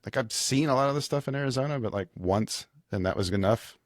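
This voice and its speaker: A man's voice: mid-range voice, fast, dry recording, studio quality. A man co-hosting a history podcast, chatting casually and trading short agreements. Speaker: podcast co-host.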